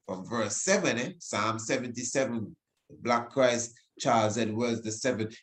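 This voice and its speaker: A man teaching the Bible on the radio, emotional, repeating phrases and reading scripture slowly with emphasis. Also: mid-range voice, fairly bright tone.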